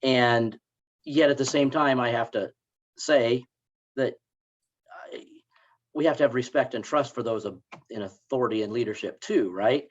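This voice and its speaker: An earnest man at a mid pitch speaks up on a college webinar, hesitating as he gathers his thoughts. His audio is a little dull and lo-fi. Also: normal speed, pauses often. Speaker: college staff member. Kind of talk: casual webinar talk.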